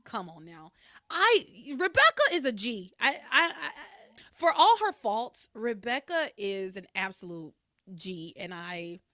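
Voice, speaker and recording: A woman's voice: fairly high pitch, sing-song, measured pace, bright, forceful tone, no room sound, clean studio sound. A woman hosting a casual podcast, talking expressively and swearing freely. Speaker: podcast host. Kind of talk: casual chat.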